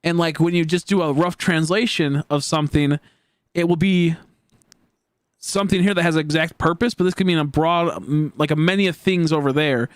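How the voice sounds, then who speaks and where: A man's voice: a little high, moderate pace, clear, resonant tone, dry recording, studio quality. A young man chatting casually with his livestream viewers, rambling with a stream of "like" and "you know" and chuckling often. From United States. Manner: chuckles often between remarks. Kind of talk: casual chat with live viewers.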